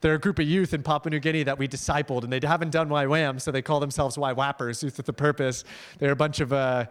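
A young man giving an energetic, conversational sermon as a missionary speaker, telling stories with slides and laughing often. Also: on the high side, fast.

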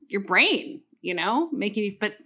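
A woman in casual chat, telling an animated story with lots of swearing and fillers. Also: mid-range voice, a little slow.

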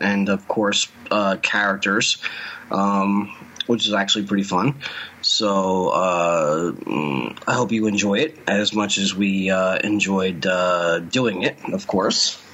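A man co-hosting a podcast in casual chat, pausing often with fillers. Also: fairly low pitch, a bit bright. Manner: hesitant, many fillers. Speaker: podcast co-host. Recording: dull lo-fi sound.

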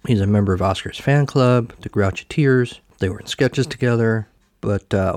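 A man's voice: on the low side, darkish tone, no echo. A man hosting a podcast, recapping a film casually in a rambling, self-correcting way. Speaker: podcast host.

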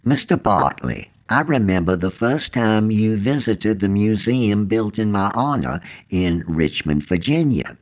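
A man voicing the courtly ghost of a Victorian poet, speaking softly and formally with a Southern accent. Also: on the low side, expressive, voice pushed down. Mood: calm. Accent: Southern American. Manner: soft, formal, slow and deliberate.

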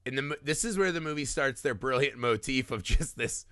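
A man co-hosting a casual film podcast, animated, acting out movie lines as he talks. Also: mid-range voice, a little fast, dry recording, clean studio sound. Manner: animated, quotes movie lines in put-on voices. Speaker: podcast co-host.

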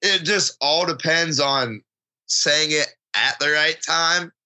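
A man co-hosting a casual hunting chat, rambling and animated, acting out what he said to himself along the way. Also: a little high, slow, poor audio. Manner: rambling, animated, acts out quotes. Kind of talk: casual chat about duck calling.

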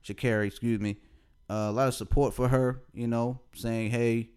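A man's voice: mid-range voice, fairly even intonation, moderate pace, a little mellow, clear, resonant tone. A man co-hosting a podcast in casual chat, laid-back, repeating phrases and laughing often. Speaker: podcast co-host.

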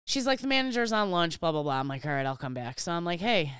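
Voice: medium pitch, fast, smooth, no room sound, studio quality. A podcast co-host telling a work story in casual chat, acting out each exchange and venting with casual swearing. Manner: animated storyteller, acts out dialogue.

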